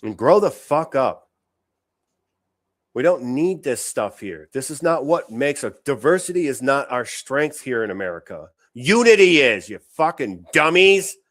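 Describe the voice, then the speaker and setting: A male host rants in profane reaction commentary, angry and mocking. His pitch is ordinary, and he jumps between loud outbursts and muttered asides. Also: very animated, a little slow. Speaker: show host.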